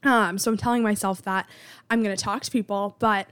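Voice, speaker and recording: A woman's voice: a little high, moderate pace. A young woman in her twenties, chatting casually and with sarcasm as she tells dating stories, full of filler words. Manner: chatty, animated, with frequent "like" fillers; sarcastic disbelief. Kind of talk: casual storytelling monologue.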